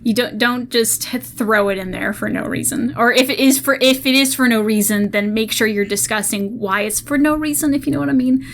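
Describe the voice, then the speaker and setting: A woman's voice: a little high, brisk, few pauses, slight background noise. A woman co-hosting a gaming podcast, chatting casually and laughing often. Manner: giggly, chatty. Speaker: podcast co-host. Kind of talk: casual chat.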